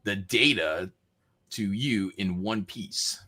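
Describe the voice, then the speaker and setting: A man doing a gruff tough-guy mobster. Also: pushed and bright, heavily acted. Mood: menacing. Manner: gruff put-on voice, lower and slower. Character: menacing male mobster courier, tough talker.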